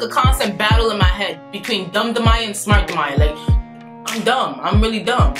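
A young adult woman talking in a casual storytime vlog, dramatic and animated, laughing things off and acting out what people said. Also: medium pitch, fairly quick, loud music behind the voice. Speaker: vlogger.

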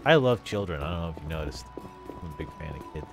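A man's voice: rumbling low, expressive, fast, faint music behind. A man casually commentating on a role-playing game he is playing, joking, swearing and putting on silly voices. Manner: jokey, profane, puts on silly voices. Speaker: let's play host.

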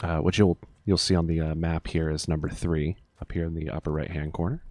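A man narrating a tabletop game as game master, pausing often with fillers. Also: very deep voice, little pitch movement, darkish tone, dry recording. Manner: hesitant, many fillers.

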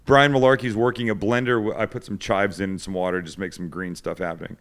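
A man's voice: deep voice, steady tone, fast, fairly bright tone. A man hosting a cooking show, telling stories in casual chat and poking fun at his friends. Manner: joking storyteller, does voices of others.

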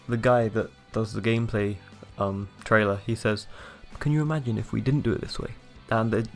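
A man casually retelling a game demo in an upbeat, rambling way, filled with acted-out quotes. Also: lowish voice. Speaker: gaming YouTuber. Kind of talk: excited casual commentary.

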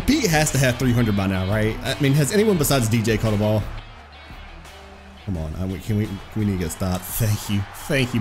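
A young man giving excitable, profane live commentary over his own football video game match, trash-talking his opponent. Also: on the low side, normal speed, over music. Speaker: gaming streamer.

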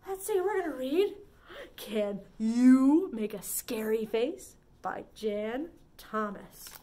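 A woman leading a preschool story time, singing and talking in a bright, sing-song, encouraging way. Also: fairly high pitch, lively intonation, takes it slowly. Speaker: children's librarian.

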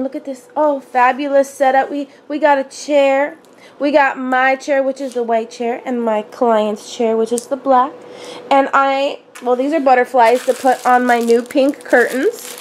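A young woman, hoarse from a cold, chatting sassily to her phone camera and calling her viewers honey. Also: sits high, little pitch movement, unhurried, a little hiss or hum. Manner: sassy, playful, addresses viewers as honey and y'all. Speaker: jewelry vlogger. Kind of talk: casual chat to camera. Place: small room at home. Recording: echoey room with faint ambience.

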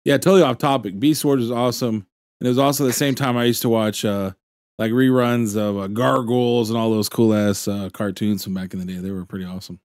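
A man's voice: mid-range voice, steady tone, fairly quick, darkish tone, dry recording, clean studio sound. A man co-hosting a casual chat, joking and teasing with loose swearing. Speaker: co-host.

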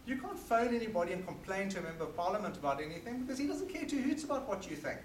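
A South African man giving an earnest, forceful talk to an audience at an evening meeting. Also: high-pitched, very animated, rapid-fire, a little hiss or hum. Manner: earnest and forceful, emphatic repetition. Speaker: guest speaker. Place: meeting hall. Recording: roomy hall recorded from a distance.

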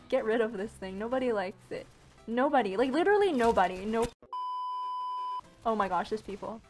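A woman giving live gameplay commentary at home, excitable, shrieking and exclaiming and making gun noises as she plays. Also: a little high, moderate pace, music in the background. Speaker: gaming YouTuber.

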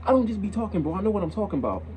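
A man's voice: high voice, sing-song, racing, a little mellow, a little hiss or hum, poor audio. A young man hosting a reaction video, talking in a casual, slangy way and repeating himself as he gets worked up.

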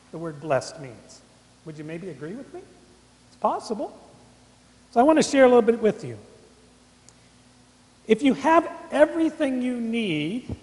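A man's voice: very high-pitched, a little mellow. A middle-aged man, a college chaplain, preaching a sermon and asking his listeners questions. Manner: interactive, asks the congregation questions. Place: large chapel. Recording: echoey chapel with long reverb.

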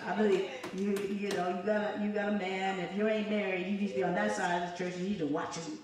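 A woman evangelist delivers a fervent, conversational sermon at a mid-range pitch. She keeps calling out to the congregation for responses. Her voice rings through a very reverberant sanctuary, picked up from a distance. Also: level tone, quick pace, a crowd in the background. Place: church sanctuary. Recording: echoey church hall from far off.

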